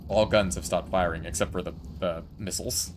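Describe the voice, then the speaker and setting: Low-voiced man chatting over gameplay. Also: fairly even intonation, brisk, a little hiss or hum. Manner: chatty, joking, talks to chat. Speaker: gameplay streamer. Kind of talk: relaxed gameplay commentary.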